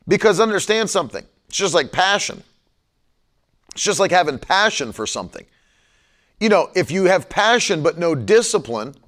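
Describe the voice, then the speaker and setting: Preacher guy with a pretty high voice, sermon on a broadcast, says things twice to drive them home. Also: fairly bright tone. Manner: repeats lines for emphasis, stretches key words. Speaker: preacher hosting a live broadcast.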